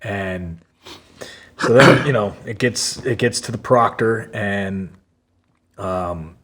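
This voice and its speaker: Man, podcast guest, low voice, husky, casual profane storytelling, lots of fillers. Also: slow, a bit bright. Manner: loose, profane, many fillers.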